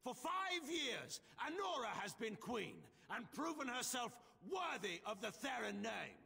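A man's voice: extremely high pitch, sing-song, a little slow, creaky, sharp tone, slightly rough, exaggerated voice. An actor playing a stern older male general, giving a rallying speech to nobles in a video game. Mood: persuasive. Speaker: war leader addressing nobles. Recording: game audio with long reverb.

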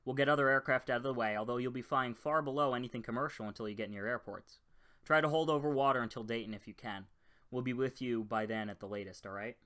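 A man playing a brisk air force major. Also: mid-range voice, fairly bright tone, natural voice.

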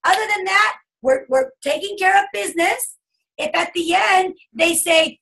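High, gravelly-voiced woman coaching sales. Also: a little slow, low-quality recording. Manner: animated, acts out bubbly customer chatter in a squealing voice. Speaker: guest speaker coaching a sales team. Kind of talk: energetic coaching talk on a video call.

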